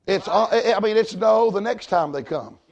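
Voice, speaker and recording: Emphatic Southern preacher with a high voice. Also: male voice, lively intonation, moderate pace, creaky, lo-fi sound. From Georgia, US. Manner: folksy, emphatic, rising to shouts. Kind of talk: storytelling sermon.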